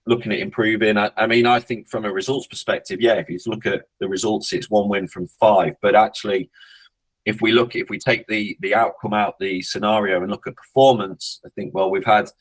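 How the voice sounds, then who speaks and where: A man's voice: on the low side, rough recording. A man coaching a rugby club, talking through his team in a casual podcast interview with lots of restarts and blunt humour. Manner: reflective, hesitant restarts, blunt swearing when joking.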